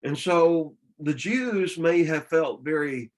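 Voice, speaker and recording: A man with a Southern US accent leads a church Bible study, his voice sitting a little higher than most. He explains scripture patiently, often restarting and repeating words as he works through a thought. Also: expressive, takes it slowly, low-quality recording. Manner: explanatory, with frequent restarts and repetitions.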